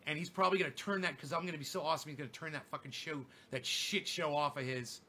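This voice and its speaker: A man's voice: fairly high pitch, steady tone, fast, pushed and bright, a little hiss or hum. Angry, profane man ranting. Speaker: streamer. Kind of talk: ranting livestream monologue.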